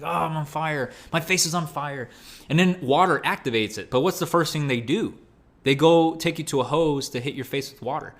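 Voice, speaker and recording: A podcast host with a fairly low, fairly bright voice tells a story in casual slang, acting out his own reactions. He fills his speech with words like "like" and "bro."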